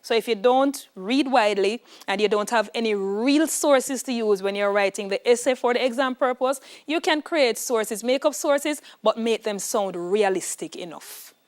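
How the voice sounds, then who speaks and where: A woman's voice: fairly high pitch, moderate pace, hardly any pauses. A woman with a Jamaican accent teaching an exam prep lesson in an emphatic, instructive way, checking in with "all right". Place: classroom.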